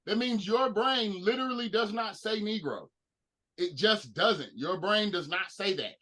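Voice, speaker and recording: A man's voice: high-pitched, measured pace, poor audio. A man co-hosting a casual sports podcast, ranting in disbelief. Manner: animated, incredulous ranting. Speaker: podcast co-host.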